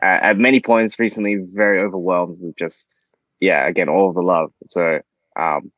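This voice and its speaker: A man's voice: sits low, fairly even intonation, normal speed, a bit bright, no echo, muffled recording. A man guesting on a podcast in casual chat, often stumbling and restarting his sentences. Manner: stumbling, restarting, self-interrupting. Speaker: podcast guest, band member.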